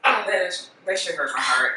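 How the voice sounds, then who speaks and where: A woman's voice: on the low side, lively intonation, moderate pace, recorded from a distance, heavy background noise, natural voice. A woman playing a laid-back woman, giggly. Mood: relaxed, playful. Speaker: real estate agent. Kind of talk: web series acting. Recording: echoey room miked from afar.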